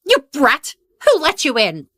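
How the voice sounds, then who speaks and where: A woman's voice: sits high, huge pitch swings, unhurried, a bit bright, exaggerated voice. An actress voicing a domineering older mother who fakes illness to get her way, in a dubbed drama, scolding and theatrical. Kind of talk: dubbed short-drama acting.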